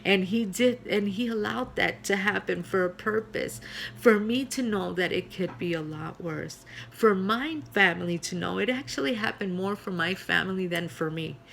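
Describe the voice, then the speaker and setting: A middle-aged woman pastor telling her personal testimony in an earnest way, with many pauses and fillers. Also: medium pitch, vocal fry, fairly bright tone, slight background noise.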